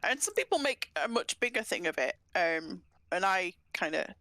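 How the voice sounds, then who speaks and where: A woman's voice: fairly low pitch, expressive, normal speed, bright, forceful tone, no echo, clean studio sound. A woman with a northern English accent, chatting casually and teasing, often giggling while streaming a game. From northern England. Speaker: streamer, co-host. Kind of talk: casual gaming chat.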